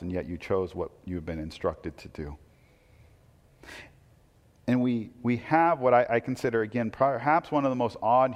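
A man's voice: on the low side, darkish tone, big-room sound. A man preaching a conversational sermon, asking rhetorical questions and quoting scripture. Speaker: pastor.

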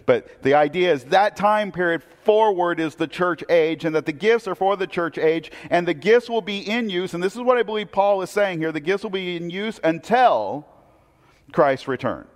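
A man with a fairly high voice preaches in a conversational way, firing rhetorical questions at his listeners and restarting phrases as he goes. His voice carries a long reverb, as if recorded in a large church hall. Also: lively intonation, normal speed. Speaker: pastor. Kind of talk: sermon.

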